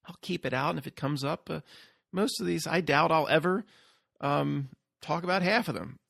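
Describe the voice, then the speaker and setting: A man's voice: a little high, normal speed, vocal fry, a bit bright, no echo, studio quality. A man hosting his own channel, talking casually in a rambling solo monologue full of restarts and fillers. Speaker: YouTube channel host.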